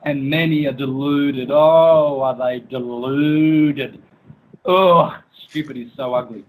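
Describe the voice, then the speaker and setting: A man's voice: on the high side, slow, low-quality recording. A man ranting angrily as a guest in an online interview, mocking, cursing and laughing scornfully, with threatening turns. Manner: menacing, threatening. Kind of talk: angry rant in an online interview.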